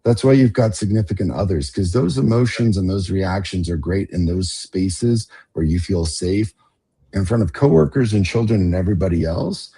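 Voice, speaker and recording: A middle-aged man with a low, husky voice hosts a podcast in a casual style. He rants with passion and swears freely, pushing into loud, emphatic bursts. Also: normal speed. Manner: passionate, profane, builds to emphatic outbursts. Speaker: podcast host.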